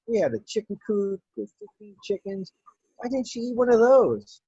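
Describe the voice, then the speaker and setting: A woman telling a personal story in an animated, wry and profane way. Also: medium pitch, husky, no echo, dull audio.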